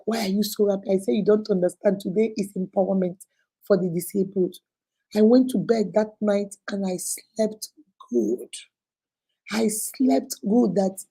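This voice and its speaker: A woman's voice: mid-range voice, warm tone, rough recording. A Nigerian woman hosting a casual livestream, talking effusively and greeting viewers by name. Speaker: livestream host.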